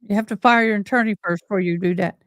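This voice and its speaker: A woman's voice: mid-range voice, fast, a bit bright, no echo, studio quality. A woman from Missouri, hosting a livestream in a chatty, rambling, folksy way. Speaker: livestream host. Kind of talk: casual livestream chat.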